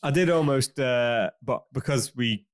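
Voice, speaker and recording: A man's voice: mid-range voice, measured pace, no room sound, clean studio sound. Easygoing young man, rambling podcast chat. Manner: easygoing, rambling, stumbles over words. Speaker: podcast co-host. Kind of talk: casual chat.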